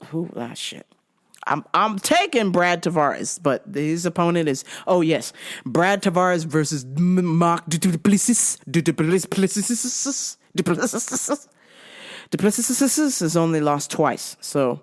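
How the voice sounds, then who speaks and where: A woman hosting a vlog, giving casual, profane, giggly commentary full of slang. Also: sits low. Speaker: vlog host.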